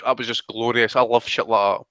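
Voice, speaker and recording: A man's voice: medium pitch, level tone, fairly quick, bright, forceful tone, smooth, no echo, clean studio sound. A man on a boxing podcast panel, chatty and ending his points with tag questions. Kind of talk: casual podcast chat.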